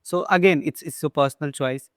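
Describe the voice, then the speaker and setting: A man with an Indian English accent hosts a casual conversation on his channel. His voice is smooth and resonant, recorded dry and close. He talks in a relaxed, agreeable way. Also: a little high, a little fast, dry recording. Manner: relaxed, agreeable, many short backchannels. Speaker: channel host.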